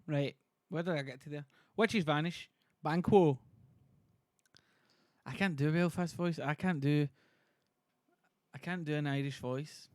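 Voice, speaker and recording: On a casual livestream, a man reads a play aloud to his viewers, chatty and poking fun at himself. His voice sits on the high side with a darkish tone, and the recording is clean studio sound with no room echo.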